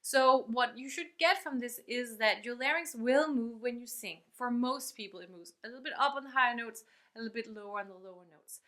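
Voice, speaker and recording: Upbeat woman singing coach, bright and fairly high voice, chats through the lesson. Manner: upbeat and chatty, breaks off to demonstrate sounds. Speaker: vocal coach.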